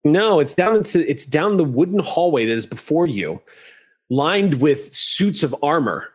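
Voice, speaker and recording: A man's voice: a little high, sing-song, a little slow. A man narrating a tabletop game as game master, describing scenes at length with frequent fillers.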